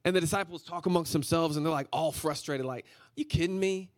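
A man giving a guest sermon in a casual, energetic, slangy storytelling way. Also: on the high side, quick pace, no echo, studio quality. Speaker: guest preacher. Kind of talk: conversational sermon.

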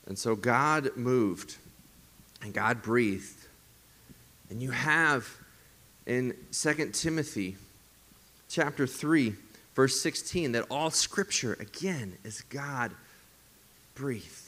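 A male pastor delivering a sermon in a church service, preaching with emphasis and often dropping to hushed, breathy whispers. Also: medium pitch, lively intonation, slow. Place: church service streamed to viewers at home.

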